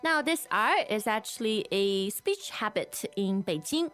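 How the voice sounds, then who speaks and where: A woman, Mandarin her first language, co-hosts a language lesson and models Chinese phrases by repeating them. Her speech is slow and unhurried, her pitch a touch high and lively. Faint music plays underneath. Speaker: Mandarin teacher co-host.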